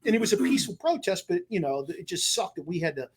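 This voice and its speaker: Husky high-voiced man telling a story. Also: quick pace. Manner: animated storyteller acting out quoted exchanges. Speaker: podcast co-host. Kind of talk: casual storytelling chat.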